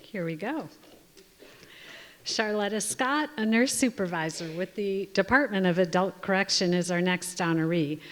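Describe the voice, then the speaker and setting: A woman emceeing an award ceremony, reading scripted introductions in a formal, measured way. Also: on the low side. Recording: reverberant hall.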